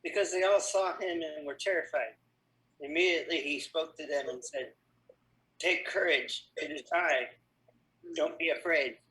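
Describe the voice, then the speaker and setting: A man in a Bible study group reading a scripture passage aloud in a plain, steady way. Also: a little high, moderate pace, low-quality recording.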